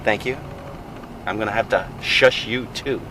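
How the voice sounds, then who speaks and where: A man's voice: on the low side, moderate pace, background noise. A man, a father, telling a made-up story as a joke, swearing it's true and tagging his lines with "right?". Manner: keeps insisting it's true, laughs often, tags lines with "right?"; loudly mimics baby wails. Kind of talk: joking tall tale, mock-serious.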